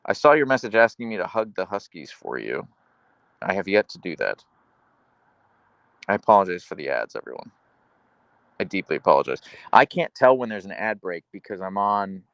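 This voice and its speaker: A man's voice: low-pitched, very animated, normal speed, long pauses, a bit bright, no echo. A man live-streaming, reading viewer comments aloud in a playful, teasing, chatty way.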